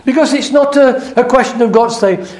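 A man's voice: extremely high pitch, moderate pace, darkish tone, reverberant. A man preaching a sermon in a conversational way, acting out the quoted speech of God with a raised voice.

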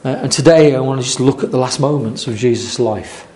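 Casting: male preacher, earnest sermon delivery, warm mellow tone, halting restarts. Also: mid-range voice. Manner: earnest, repeating phrases, many restarts.

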